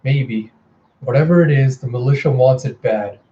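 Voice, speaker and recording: A man's voice: mid-range voice, moderate pace, highs cut off, a little hiss or hum, natural voice. A man doing a laconic tough ship captain. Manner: dry, laconic. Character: tough, weary woman starship captain.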